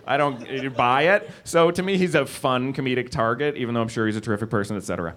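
A man's voice: mid-range voice, fast talker, a bit bright. A man answering audience questions onstage in a rambling, self-deprecating, playful way. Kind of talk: casual onstage Q&A.

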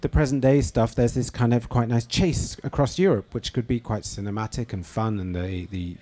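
A man's voice: mid-range voice, normal speed, mellow. A middle-aged man, a novelist and screenwriter, answering interview questions thoughtfully, with frequent fillers and restarts.

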